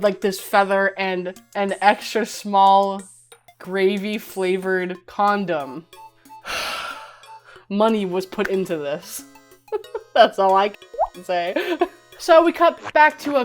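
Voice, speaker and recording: Young woman, comedic movie recap, animated, laughs a lot, swears, higher voice, faint music behind. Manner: animated, laughing often, swearing, acting out characters. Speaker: commentary host.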